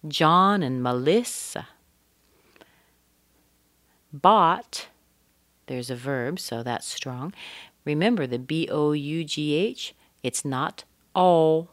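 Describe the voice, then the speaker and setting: A woman teaching English pronunciation, modelling stress and intonation slowly and deliberately. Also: extremely low pitch, dry recording.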